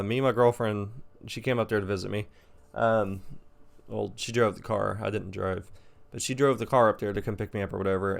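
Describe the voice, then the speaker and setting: A man in his twenties telling a story from his job in a casual, animated, profane way, often raising his voice. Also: lowish voice.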